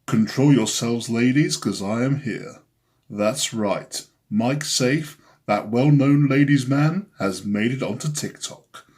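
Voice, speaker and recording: A man's voice: medium pitch, slow pace, darkish tone, slightly rough. A man playing a smug self-styled ladies' man who talks with slick, boastful charm in a comedy sketch.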